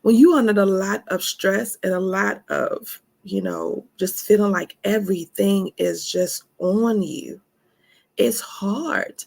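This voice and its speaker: A woman speaking gives an emphatic motivational talk on self-care. Her voice is gravelly and a little husky. She leans on words for emphasis and calls her listeners honey. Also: mid-range voice, a little slow, few pauses, a little mellow.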